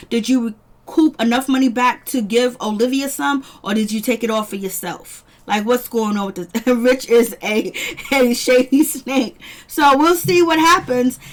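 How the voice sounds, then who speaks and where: Chatty woman recapping a reality show. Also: a little high. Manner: chatty, animated, laughs often, reads viewer comments. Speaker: show reviewer.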